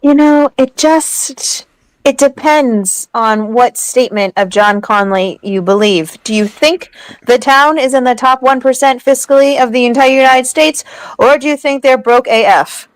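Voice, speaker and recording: A woman's voice: high voice, a little slow, dry recording, poor audio. A woman co-hosting a casual livestream, speaking in a sarcastic, skeptical way.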